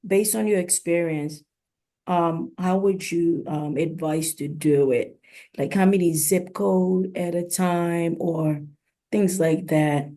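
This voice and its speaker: A woman asking a question in a team meeting, hesitant, pausing with ums. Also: fairly low pitch, steady tone, mellow.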